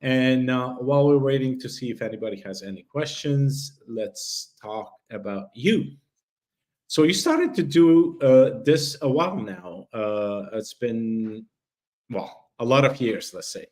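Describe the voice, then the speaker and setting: A man's voice: medium pitch, animated, measured pace, darkish tone. A man hosting a podcast, welcoming viewers and asking questions in a hesitant way full of fillers. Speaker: podcast host. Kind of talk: casual podcast interview.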